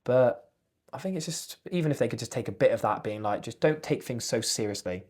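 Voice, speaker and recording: A man, a podcast guest chatting casually, jokey and animated, swearing freely. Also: medium pitch, fairly quick, husky. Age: 20s. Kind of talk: casual chat.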